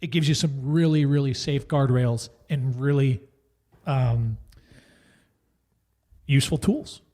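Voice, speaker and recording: A man's voice: medium pitch, slow, dark tone. A man co-hosting a casual podcast, rambling and correcting himself as he talks it through. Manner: rambling, self-correcting, jokey. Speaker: podcast co-host.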